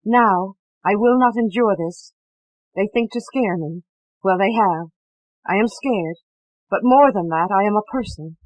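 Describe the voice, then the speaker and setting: A woman's voice: medium pitch, measured pace, dry recording, natural voice, poor audio. A woman reading the part of a nervous, sensitive young woman in an audiobook, with an intense, earnest delivery. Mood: defiant.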